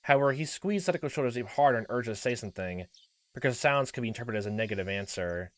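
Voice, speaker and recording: A man's voice: mid-range voice, animated, rapid-fire. A man reading a visual novel aloud with restarts and joking asides, in a middling voice. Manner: reads with restarts, laughs into asides. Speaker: let's play narrator.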